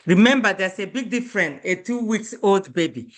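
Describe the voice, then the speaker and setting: A woman's voice: medium pitch, expressive, moderate pace. A woman, an Igbo speaker, teaching a beginner Igbo lesson in English, patiently repeating words and checking that students follow.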